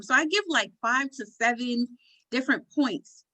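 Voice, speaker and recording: A woman book editor in casual chat, animated and jokey, acting out exaggerated quotes. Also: a little high, a little slow, rough recording.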